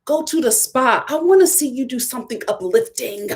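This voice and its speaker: A woman's voice: high voice, expressive, normal speed, a little mellow. A woman giving a sassy, emphatic live review of a reality TV show, often repeating her points for effect.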